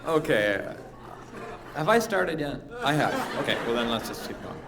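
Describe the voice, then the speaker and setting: A man's voice: medium pitch, big pitch swings, normal speed, a crowd in the background. A man doing live stand-up comedy, mock-earnest and silly, slipping into goofy voices. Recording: echoey live hall recording with audience noise.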